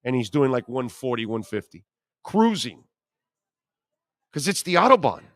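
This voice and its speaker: A man's voice: medium pitch, very animated, moderate pace, fairly bright tone, no room sound, studio quality. A man in his fifties hosting a sports radio show, telling brash, profane stories in a casual way.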